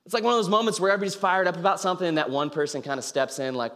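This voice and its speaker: A man's voice: fairly high pitch, steady tone, rapid-fire, fairly bright tone. Casual young man preaching in a hall. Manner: casual storytelling with fillers, acts out quoted voices. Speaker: campus ministry speaker. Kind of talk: informal sermon. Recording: reverberant hall.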